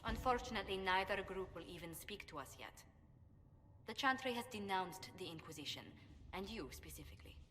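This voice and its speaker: Cassandra, суровая воительница в исполнении актрисы. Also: female voice, mid-range voice, lively intonation, a little fast, fairly bright tone, lightly acted. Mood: stern. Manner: curt, serious. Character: stern blunt female warrior-advisor. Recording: reverberant game audio, faint ambience.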